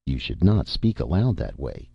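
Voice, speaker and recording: Ghost of an old uncle, played by a male reader: deep, gravelly, soothing; slightly dull recording. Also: wildly swooping pitch, moderate pace, dry recording, heavily acted. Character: ghost of an elderly uncle, calm and meddling. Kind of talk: audiobook narration.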